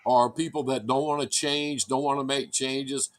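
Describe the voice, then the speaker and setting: A man's voice: medium pitch, steady tone, normal speed. A man telling blunt, profane stories about running a trucking business in casual chat. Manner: blunt, profane, acts out quotes in a raised voice. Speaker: trucking business owner, show regular.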